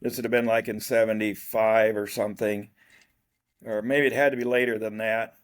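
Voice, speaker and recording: A man's voice: fairly low pitch, flat delivery, normal speed. An older man chatting casually, rambling through old memories. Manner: rambling, reminiscing. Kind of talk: casual chat.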